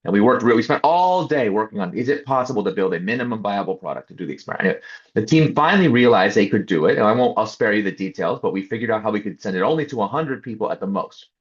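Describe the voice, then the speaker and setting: Husky-voiced man telling a lively story. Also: lowish voice, rapid-fire. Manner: lively storyteller who acts out quoted voices. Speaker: interview guest. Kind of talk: animated storytelling interview answer. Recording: muffled lo-fi audio.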